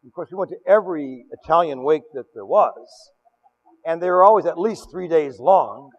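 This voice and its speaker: A man's voice: fairly high pitch, normal speed. An older man preaching a sermon as pastor, telling stories with many restarts and repeated words. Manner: animated storytelling with many restarts. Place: large church. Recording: echoey church, dull lo-fi.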